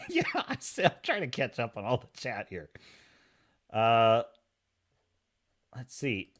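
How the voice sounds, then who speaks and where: A man hosting a live stream, talking in a sarcastic, animated way and reading chat messages aloud. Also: mid-range voice, slow pace. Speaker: podcast host.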